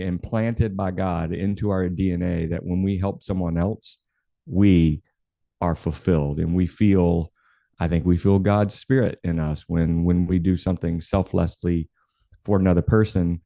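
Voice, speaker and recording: A man with a very low, warm voice co-hosts a podcast. He speaks in a relaxed, reflective way and works in scripture and sayings. The sound is dry and close to the mic. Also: unhurried, vocal fry, no echo. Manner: thoughtful, easygoing, quotes scripture. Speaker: podcast co-host. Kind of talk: casual podcast chat.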